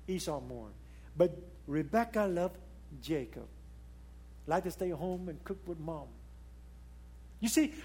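A man preaching a sermon in non-native English, emphatic and full of rhetorical questions, rising to loud high peaks and dropping to quiet low asides. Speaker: pastor.

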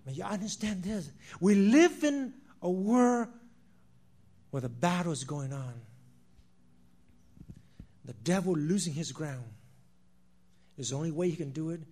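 A preacher with a notably high voice for a man. He drives his sermon with fervor, swells to loud declarations, then drops to a near hush, repeating his phrases for weight. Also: expressive, a little slow, long pauses. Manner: impassioned, swinging between loud declarations and hushed asides; repeats phrases for emphasis, addresses listeners as "my friend".

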